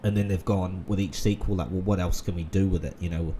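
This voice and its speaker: A man's voice: low-pitched, steady tone, fairly quick, dark tone, a little hiss or hum. A man, rambling in casual gaming commentary full of fillers and restarts. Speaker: gaming channel host. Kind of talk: casual let's-play commentary.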